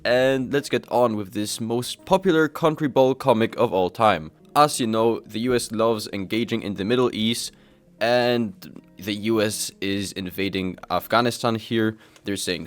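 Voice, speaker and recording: A man's voice: on the low side, a little slow, faint music behind. A man hosting a casual commentary vlog, chatty and self-deprecating, addressing his viewers directly as he reviews comics. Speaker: YouTube host reviewing comics.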